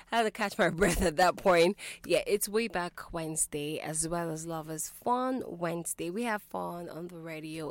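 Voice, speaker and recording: A woman's voice: medium pitch, dry recording. A woman hosting a call-in radio show, talking in a reflective, conversational way and putting questions to her listeners.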